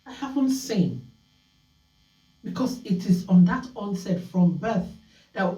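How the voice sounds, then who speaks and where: A woman hosts a call-in talk show with a fairly high, lively voice that swings widely as she tells stories. She acts out scolding voices along the way. She sounds echoey, a little back from the mic. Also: a little slow, distant mic.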